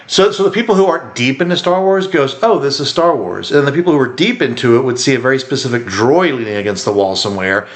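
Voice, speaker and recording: Rambling animated male podcast co-host. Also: medium pitch, fast talker, hardly any pauses. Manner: rambling, animated, acts out quotes. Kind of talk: casual chat.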